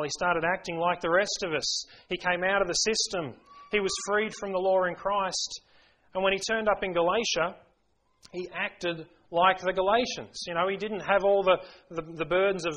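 Earnest male preacher, slightly high voice. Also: fairly bright tone. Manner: earnest, pleading, slows down for emphasis. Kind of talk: sermon.

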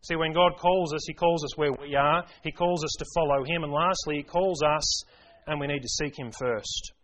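Earnest preacher, higher-pitched man. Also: fairly even intonation, normal speed, a bit bright. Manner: earnest, emphatic, rhetorical questions to the congregation. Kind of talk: sermon.

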